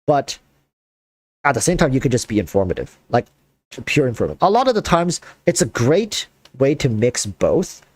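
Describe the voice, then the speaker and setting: A man hosting a casual chat, talking in an animated, rambling way with lots of fillers. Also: mid-range voice, normal speed, dry recording. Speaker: content creator and host.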